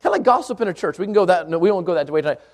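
A man with a noticeably high voice leads an informal Bible lesson in church. He talks conversationally, stumbles and restarts words, and keeps checking in with the room by asking "right?". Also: lively intonation, racing. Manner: conversational, repeats himself and asks the room "right?". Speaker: preacher teaching a Bible class.

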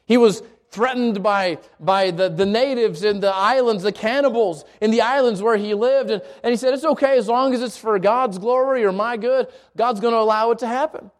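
High-pitched guy preaching, gets all worked up, repeats himself a lot. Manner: animated, repeats words, acts out excited quotes. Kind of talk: sermon.

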